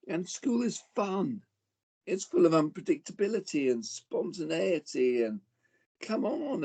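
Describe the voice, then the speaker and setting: Lively gravelly-voiced man telling his story. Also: medium pitch. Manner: storytelling with lively dramatic swings, addresses listeners as folks. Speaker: speaker addressing parents. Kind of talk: motivational talk to parents.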